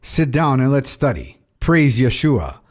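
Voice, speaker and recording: A man's voice: medium pitch, sing-song, a little slow. Male preacher, rabbi, ministry update, reading verses aloud. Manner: preaching, reads scripture aloud. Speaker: Messianic rabbi.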